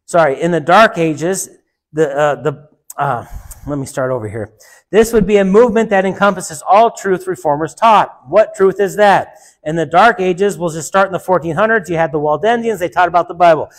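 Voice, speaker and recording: A woman's voice: on the low side, lively intonation, normal speed. A woman preacher delivering a sermon emphatically, asking her listeners rhetorical questions and calling for an amen.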